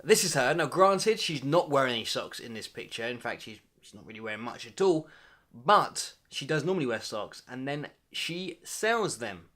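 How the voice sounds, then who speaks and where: A man in his twenties talks straight to camera in a comedic vlog. He plays it mock-dramatic, with loud bursts of hype and low, muttered asides. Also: expressive, normal speed. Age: 20s. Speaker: vlogger.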